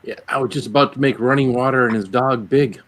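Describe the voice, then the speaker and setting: A man's voice: mid-range voice, quick pace, a bit bright. A man joking around in casual banter during a chat show. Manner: joking, playful. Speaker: show participant.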